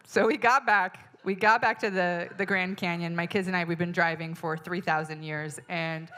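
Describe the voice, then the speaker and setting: A woman in her thirties tells a stand-up story with a bright, forceful voice pitched a little low. She swears freely and sounds fed up, now and then breaking into loud yelling. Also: fairly even intonation, moderate pace. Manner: profane, exasperated, bursts into loud yelling. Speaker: stand-up comedian.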